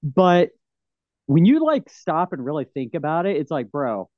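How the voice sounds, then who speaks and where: A man hosting a casual film chat, rambling and excitable, full of "like" and "you know.". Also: on the high side, measured pace, no echo. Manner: excitable, often swears. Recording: slightly dull lo-fi sound.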